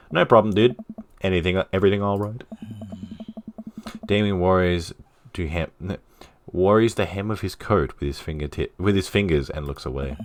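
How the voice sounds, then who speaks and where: Very deep-voiced man streaming a game. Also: moderate pace, slight background noise. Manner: jokey, reads narration with asides. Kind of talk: casual let's play commentary, reading dialogue aloud.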